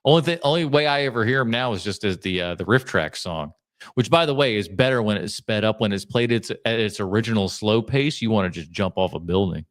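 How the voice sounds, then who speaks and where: A man's voice: fairly low pitch, lively intonation, brisk, dry recording, clean studio sound. A man hosting a podcast in casual chat, reacting to video clips with jokes and rambling stories. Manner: joking, riffing storyteller. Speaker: podcast host.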